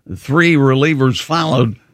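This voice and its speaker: A man's voice: mid-range voice, fairly bright tone, no echo, studio quality. A man on a radio show reading sports and odd news items, joking between them. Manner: reads scores quickly, jokes between items.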